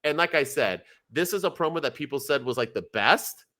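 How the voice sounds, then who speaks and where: A man co-hosting a casual podcast, talking in an animated, profane rant. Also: fairly high pitch, fairly quick. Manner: animated, profane, ranting, mocks others in quoted voices. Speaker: podcast co-host. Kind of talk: casual chat.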